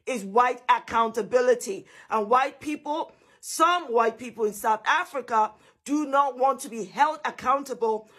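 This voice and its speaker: High-voiced scornful woman commentator. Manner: scornful, forceful. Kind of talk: opinion commentary.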